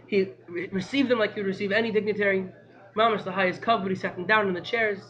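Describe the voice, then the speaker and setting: A man teaching a class by telling a story in an animated, excitable way, repeating phrases for emphasis. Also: high voice, fast talker, muffled recording.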